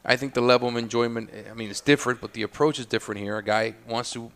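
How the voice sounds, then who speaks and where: A man guest on a talk show, telling stories in a casual, animated way and laughing often. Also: mid-range voice, fast talker. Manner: animated, laughing, loud when imitating others. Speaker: guest, cigar maker. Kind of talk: casual storytelling chat. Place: indoor studio, on a couch.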